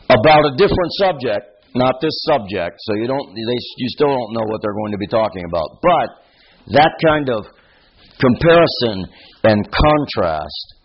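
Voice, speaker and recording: A man's voice: mid-range voice, expressive, moderate pace, highs cut off, a little hiss or hum. A man preaching an expository sermon in a conversational, digressive way, reading scripture aloud and stressing words. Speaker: pastor.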